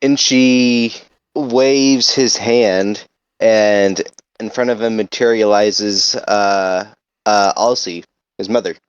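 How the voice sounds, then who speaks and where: A man playing a tabletop game, talking hesitantly with many pauses. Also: on the low side, fairly even intonation, smooth, no room sound. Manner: slow, hesitant, with many uh's. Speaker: player. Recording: dull lo-fi mic.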